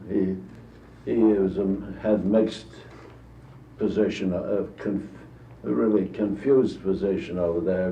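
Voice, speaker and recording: An elderly American man with a very low voice recalls old stories at length, trailing off and restarting his sentences. He is heard off-mic on a dull old tape in an echoey room with faint hiss. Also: recorded from a distance. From United States. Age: 80s. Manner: rambling anecdotal storytelling with halting restarts. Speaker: interviewee. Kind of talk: recorded archival interview.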